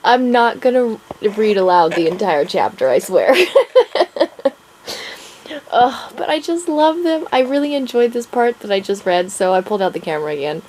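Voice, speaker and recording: A woman's voice: medium pitch, expressive, normal speed, a little mellow, a little hiss or hum, poor audio. A young woman author chatting casually in a vlog, gushing and laughing often as she talks about and reads her own draft. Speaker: author vlogger.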